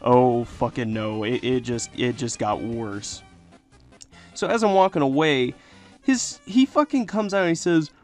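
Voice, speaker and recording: A teenage boy excitedly telling a profane personal story in casual speech. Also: mid-range voice, a little slow, soft background music. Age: teens. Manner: profane, animated, excitable retelling.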